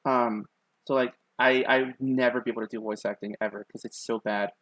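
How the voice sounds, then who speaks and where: A man's voice: mid-range voice, fairly even intonation, a little fast, fairly bright tone, no room sound, low-quality recording. A young man with a lisp, chatting casually and rambling self-consciously on a live stream, with many ums and likes. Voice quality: lisp on his S sounds.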